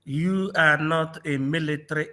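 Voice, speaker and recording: A man's voice: a little high, steady tone, measured pace, sharp tone. A man from Nigeria in a political discussion, mocking and repeating phrases, laughing often. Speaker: panel guest.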